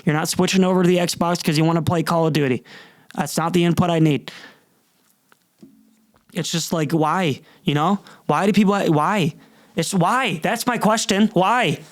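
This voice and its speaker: An exasperated man rants on his podcast, cursing freely and tripping over his own restarts. His voice sits a bit high for a man. The sound is close and dry, with no room echo. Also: unhurried, long pauses. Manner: profane, exasperated, rambling with many restarts. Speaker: podcast host. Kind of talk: casual storytelling rant.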